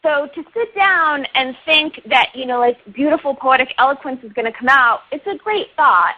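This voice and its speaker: A woman's voice: sits high, expressive, moderate pace, slight background noise. A woman guest on an interview show, chatting about writing in an upbeat, talkative way and laughing often. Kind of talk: casual interview talk. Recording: dull lo-fi online radio audio.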